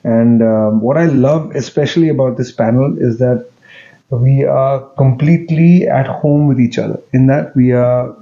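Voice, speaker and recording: A man, answering interview questions in a relaxed, joking way with many fillers and restarts. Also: medium pitch, normal speed, muffled recording. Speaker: interview guest, music director.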